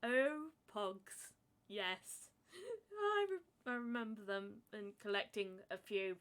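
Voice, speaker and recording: A woman's voice: mid-range voice, lively intonation, slow, a bit bright. A woman co-hosting a podcast in casual chat, giggly and playfully overdramatic. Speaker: podcast co-host.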